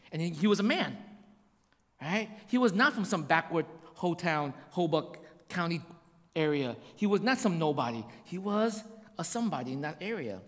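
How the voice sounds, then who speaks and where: A preacher giving a conversational sermon, with slangy asides and frequent check-ins with the listeners. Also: mid-range voice. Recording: long hall reverb.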